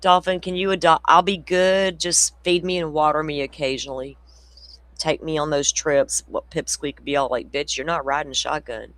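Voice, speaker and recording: A man's voice: a little high, level tone, normal speed, fairly bright tone, clear, resonant tone, dry recording. Laughing, rambling man on a dry mic. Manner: rambling storyteller, laughs often, swears casually. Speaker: true crime livestream host. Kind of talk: casual chat with viewers.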